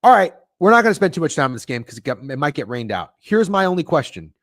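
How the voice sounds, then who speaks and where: A young man hosts a sports betting live stream, swearing casually and answering his chat. His pitch jumps around in a lively way. The sound is dry and close, with no room behind him. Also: fast, no room sound. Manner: animated, swearing, talks to chat. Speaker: sports betting show host.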